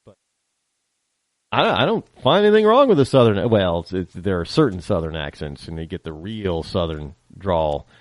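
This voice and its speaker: A man from the northern United States hosting a podcast, telling stories in a rambling, animated casual monologue. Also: low-pitched, moderate pace, no room sound. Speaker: podcast host.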